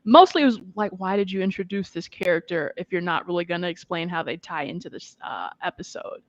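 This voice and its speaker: A woman's voice: fairly low pitch, expressive, brisk. A woman co-hosting a podcast in casual chat, talking freely and laughing often. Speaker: podcast co-host. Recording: dull muffled podcast audio.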